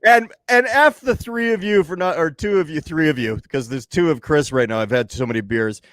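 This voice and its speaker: A man's voice: fairly high pitch, a little fast, dry recording. A man co-hosting a podcast in casual chat, laughing often and chiming in with short reactions. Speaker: podcast co-host.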